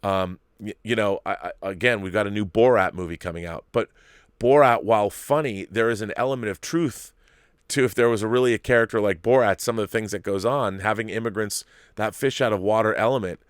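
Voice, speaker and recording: A man's voice: on the low side, a little fast, clean tone, dry recording, studio quality. A man hosting a commentary show, ranting emphatically and animatedly about a series he dislikes. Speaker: host. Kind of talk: opinionated commentary.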